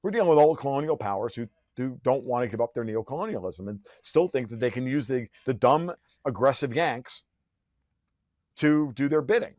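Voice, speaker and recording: A man's voice: mid-range voice, lively intonation, moderate pace, darkish tone, dry recording. A man who is a podcast guest, talking in a heated conversational rant. He is profane and sarcastic, and he often restarts his sentences.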